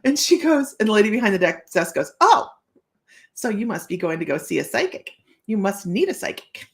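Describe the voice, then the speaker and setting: A woman's voice: mid-range voice, very animated, brisk. A middle-aged woman hosting a psychic livestream, telling stories casually, laughing often and acting out the voices she quotes. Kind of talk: casual chatty livestream storytelling.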